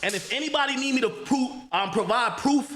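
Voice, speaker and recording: A man hosting a livestream, telling a heated story in an animated, profane, repetitive way. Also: very high voice, brisk, a little hiss or hum. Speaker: livestream host.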